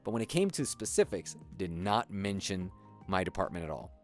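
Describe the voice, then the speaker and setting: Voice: deep voice, very animated, normal speed, a little mellow, faint music behind. A streamer chatting casually during a livestream, rambling and swearing with lots of fillers. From United States. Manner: rambling, profane storytelling with many fillers. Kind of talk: casual chat while building on a livestream.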